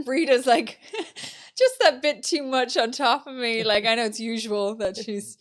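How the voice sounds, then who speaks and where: A woman co-hosting a podcast, telling a story in casual chat, animated and swearing freely. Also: a little high, measured pace. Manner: animated, swears freely, tells stories with loud acted-out quotes. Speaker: podcast co-host.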